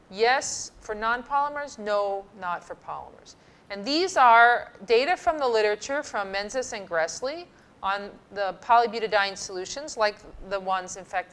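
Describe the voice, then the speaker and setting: A middle-aged woman lectures to a class, walking through slides with firm emphasis. Her voice sits in a middle pitch, and she speaks conversationally to the students. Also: fairly bright tone. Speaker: university lecturer. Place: lecture hall.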